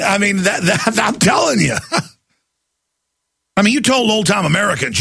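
A man's voice: sits high, big pitch swings, normal speed, gravelly, long pauses, pushed and bright, husky, no echo, studio quality. A man hosting a talk radio show, ranting in a mocking, grotesque way and laughing often. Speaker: radio host taking calls.

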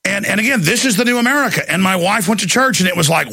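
A man's voice: high-pitched, animated, fast talker, few pauses, pushed and bright, husky. A man hosting a show, commenting on a video clip in a sarcastic, indignant way. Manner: sarcastic, indignant, laughs a lot. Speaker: TV show host.

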